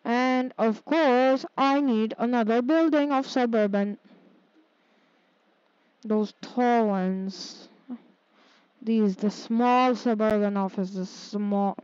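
Muffled but echo-free, this recording catches a woman with a voice on the high side, a little mellow, clear and resonant. She streams a city-building game, talking to herself in a casual mutter and quickly losing patience at every mishap.

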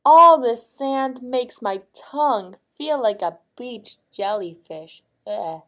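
A woman's voice: lowish voice, fairly even intonation, moderate pace, a little mellow, close to an everyday voice. A woman voicing a royal queen who complains in a grumbling, disgusted way.

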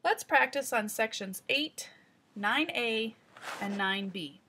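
A woman teaching trainees in an instructional voice-over, explaining deliberately and speaking straight to the viewer. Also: fairly high pitch, lively intonation, bright, forceful tone, slight background noise.

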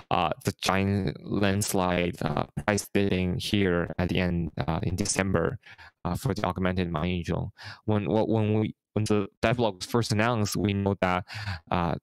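A man's voice: deep voice, clear, resonant tone, no echo, rough recording. A man hosting a casual live stream, talking through market charts in a hesitant way with many fillers and restarts. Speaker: host.

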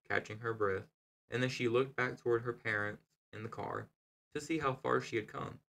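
A man reading a novel aloud in steady, measured narration. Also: fairly low pitch, vocal fry, low-quality recording. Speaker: reader.

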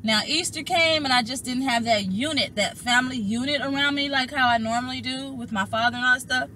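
Woman, young adult, tarot reader vlog, bright voice, a little high, faint noise behind. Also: fairly quick. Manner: animated, emotional, addresses viewers as y'all. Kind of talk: casual storytelling to viewers.

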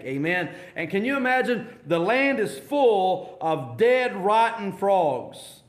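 Emphatic high-voiced preacher man, echoey church. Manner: emphatic, swings between loud high bursts and low drops. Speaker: pastor. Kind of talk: sermon.

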